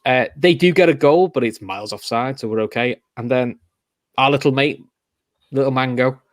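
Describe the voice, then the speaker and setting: A man's voice: mid-range voice, normal speed, no echo, clean studio sound. A young man with a Liverpool accent hosting a casual football podcast, telling stories with animation and acting out the reactions. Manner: animated storytelling, acts out reactions. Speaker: podcast host.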